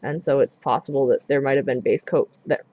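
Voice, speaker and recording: A woman's voice: extremely low pitch, a little fast, dark tone, no room sound, highs cut off. Chatty woman rambling while doing nails. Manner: chatty, rambling, many ums and asides. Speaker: nail art streamer. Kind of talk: casual live-stream chat while working.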